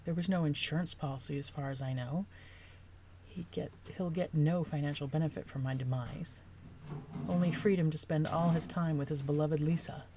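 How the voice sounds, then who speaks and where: A woman's voice: low-pitched, moderate pace, mellow, slight background noise, close to an everyday voice. A woman reading aloud, voicing a stranded young woman who is bitter and suspicious in an audiobook-style reading.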